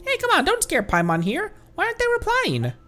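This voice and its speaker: A man voicing a chirpy little female fairy companion in bubbly, squeaky game dialogue. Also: wildly swooping pitch, fairly quick, bright, forceful tone, faint music behind, exaggerated voice. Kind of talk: game dialogue read aloud on stream.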